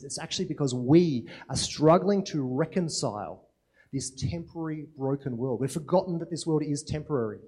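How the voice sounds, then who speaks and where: Man, preacher, sermon, conversational, rhetorical questions, warm mellow tone. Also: a little high, slightly rough.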